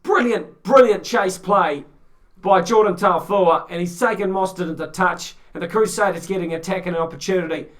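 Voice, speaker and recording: A man with a New Zealand accent doing excitable, joking amateur play-by-play rugby commentary. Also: sits high, fast talker, few pauses. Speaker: fan commentator.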